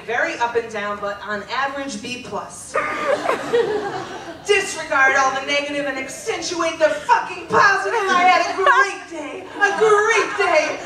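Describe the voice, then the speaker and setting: A young adult woman reads her teenage diary aloud on stage in front of a live audience, animated and emphatic and often breaking into laughter. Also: high-pitched. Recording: roomy live venue, distant mic, loud audience laughter. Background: loud crowd laughter and noise.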